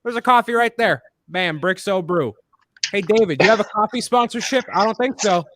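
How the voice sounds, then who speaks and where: A man's voice: sits high, normal speed, fairly bright tone, a little hiss or hum. A man in his twenties co-hosting a casual livestream over a video call, joking and bantering. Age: 20s. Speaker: co-host.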